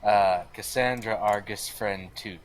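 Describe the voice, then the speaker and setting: A man's voice: on the low side, a little slow, poor audio. A man playing a tabletop game, speaking hesitantly with many "uh"s and a wry tone. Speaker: player. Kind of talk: casual tabletop play. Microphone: home mic on a livestream.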